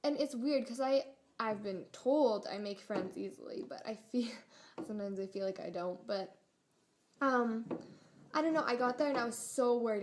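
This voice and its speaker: A woman's voice: fairly high pitch, moderate pace, a little mellow, slight background noise. Rambling teen girl vlogger. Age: teens. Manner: rambling, filler-heavy, exasperated. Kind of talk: casual rant to camera.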